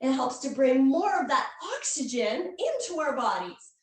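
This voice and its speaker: In an echoey room with a distant mic, a woman guides children through a yoga class as their instructor, coaxing them playfully and making animal sounds. Her voice is high-pitched and very animated, at a normal speed.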